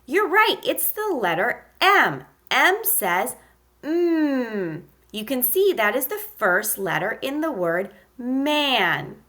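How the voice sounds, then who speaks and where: Woman, kindergarten phonics teacher, unhurried and encouraging, bright lively voice. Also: fairly high pitch. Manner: slow, encouraging, sounds out letters with exaggerated emphasis. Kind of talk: phonics lesson for young children.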